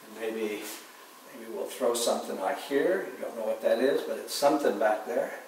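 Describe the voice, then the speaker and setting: A man giving a relaxed painting demonstration, talking softly and unhurriedly, often trailing off quietly as he works. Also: lowish voice, normal speed, slight background noise. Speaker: painting instructor. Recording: distant mic in an echoey room with faint ambience.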